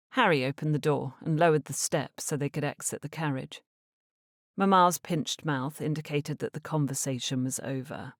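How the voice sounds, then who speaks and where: Low, lively-voiced woman narrator. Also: no room sound, clean studio sound. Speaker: audiobook narrator. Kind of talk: scripted narration.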